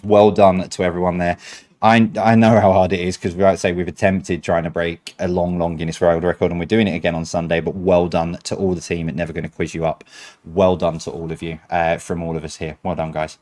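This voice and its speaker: Chatty quiz host reading answers. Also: male voice, low voice, flat delivery, fairly quick, a little mellow. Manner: chatty, self-mocking asides between answers.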